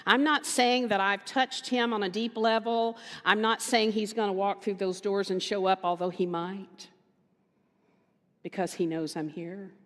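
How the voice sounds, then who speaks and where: Lady preacher telling a story, acts out the voices, repeats words for emphasis, big echoey hall. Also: fairly low pitch. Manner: storytelling, animated quoted voices, emphatic repetition. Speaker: guest minister. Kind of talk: conversational sermon. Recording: reverberant hall.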